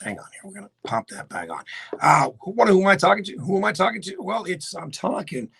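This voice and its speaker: A man with a Newfoundland accent hosting a live radio show, hoarse and raspy from laryngitis, chatting casually and greeting viewers by name. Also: high-pitched, very animated, fast talker, a bit bright. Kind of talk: casual live-stream chat. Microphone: webcam setup for live video.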